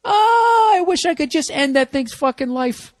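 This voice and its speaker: Guy doing his dog whimpering, squeaky high, wants to kill a squirrel. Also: sing-song, normal speed, dry recording, clean studio sound. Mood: whining. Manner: whiny, crying falsetto. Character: whining, bloodthirsty female pet dog.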